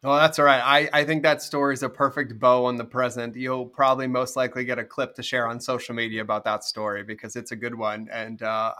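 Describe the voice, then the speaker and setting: A man's voice: mid-range voice, pushed and bright. A man hosting a podcast interview, responding encouragingly to his guest. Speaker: podcast host.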